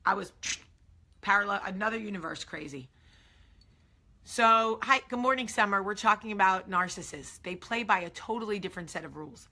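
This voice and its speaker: A woman's voice: medium pitch, a little fast, sharp tone, slight background noise. A woman with a New York area accent, hosting a casual morning vlog and talking emphatically and earnestly straight to her viewers. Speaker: show host.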